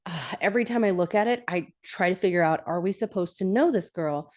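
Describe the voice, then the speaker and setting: A young woman hosts a casual podcast, recapping a TV episode in an easygoing, chatty way. She giggles often and gets animated, lifting her voice when she acts out lines. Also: lowish voice, fairly quick.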